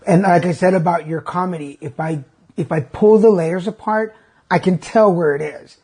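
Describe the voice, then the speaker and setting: A man's voice: high voice, moderate pace, warm tone, breathy edge. A man hosting a casual podcast interview, speaking in a reflective and supportive way. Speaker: podcast host and reader.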